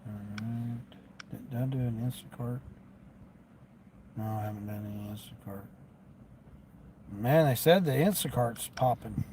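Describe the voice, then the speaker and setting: A man's voice: mid-range voice, unhurried, pauses often, background noise. A man streaming live while doing delivery driving, chatting in a rambling, folksy way and turning down orders aloud. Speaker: delivery driver livestreamer.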